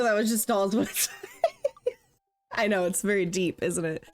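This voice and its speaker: A woman's voice: mid-range voice, takes it slowly, long pauses, soft background music. A woman streamer chatting casually while playing a dating game, giggly and self-mocking. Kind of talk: casual livestream chat.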